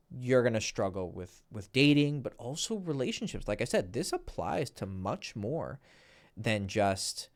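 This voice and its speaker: A young man gives dating advice in a loose, blunt monologue, swearing freely and checking in with "right?" after every point. His voice sits at an ordinary middle pitch but swings up and down a lot as he talks. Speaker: dating coach. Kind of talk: casual monologue to camera.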